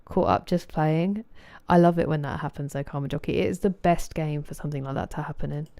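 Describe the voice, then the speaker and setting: A woman's voice: low voice, a little fast, warm tone. A woman from southeast England with a southeast English accent, chatting casually with live viewers while streaming a game and greeting them by name.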